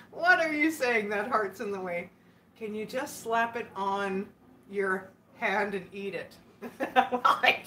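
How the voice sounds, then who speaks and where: A woman's voice: on the high side, slow, bright, forceful tone, a little hiss or hum. A woman hosting a casual live stream, chatting and giggling as she answers viewer comments. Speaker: livestream host.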